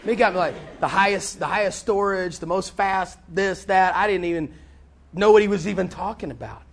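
A man preaching, telling a story with animated, repetitive delivery and acted-out dialogue. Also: sits high, brisk. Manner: animated, repeats words, acts out dialogue. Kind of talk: sermon storytelling.

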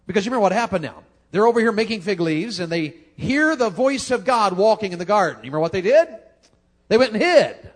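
Male pastor, folksy sermon, somewhat high voice, swings up high for emphasis. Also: animated, quick pace. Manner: folksy, repeats words, rises high for emphasis.

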